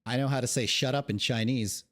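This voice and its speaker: A man's voice: mid-range voice, steady tone, brisk, fairly bright tone. A man streaming a game, making sarcastic, joking asides in casual commentary. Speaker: gaming streamer.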